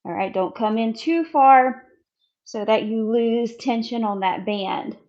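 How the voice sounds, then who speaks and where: A woman's voice: fairly high pitch, takes it slowly, a little mellow, muffled recording. Breathless woman coaching a workout. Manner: encouraging, counts reps aloud, demonstrates while talking. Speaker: fitness instructor. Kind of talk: coaching a follow-along workout.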